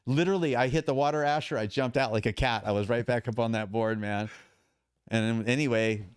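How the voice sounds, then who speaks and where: A man's voice: medium pitch, fairly even intonation, a little fast, clean tone, no room sound, studio quality. A man guesting on a podcast, telling a story casually and acting out the quoted dialogue.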